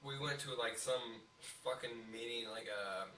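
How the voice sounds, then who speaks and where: A man's voice: mid-range voice, unhurried, sharp tone. A young man talking bluntly and profanely in casual podcast chat. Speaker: podcast co-host. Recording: echoey room, mic at a distance, faint hiss.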